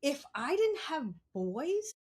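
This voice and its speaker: A middle-aged woman hosting a podcast, talking candidly and bluntly, swearing freely and breaking into loud, laughing reenactments of old stories. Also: high-pitched, sing-song, takes it slowly. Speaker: podcast host. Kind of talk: candid casual monologue.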